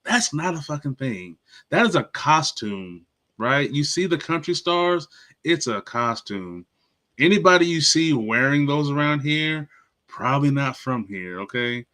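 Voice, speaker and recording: A podcast co-host from Nashville, Tennessee, rants emphatically and swears freely on a casual movie and TV review show. His voice is fairly high and animated, with a measured pace and a sharp tone.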